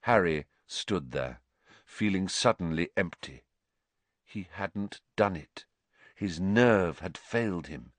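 Brief: male audiobook narrator, slow and animated, dry close sound. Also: low-pitched, no echo. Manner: dramatic, expressive reading.

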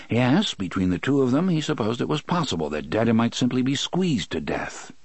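A man narrating an audiobook in a measured, steady reading, close to the mic. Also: mid-range voice, dry recording. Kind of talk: scripted narration.

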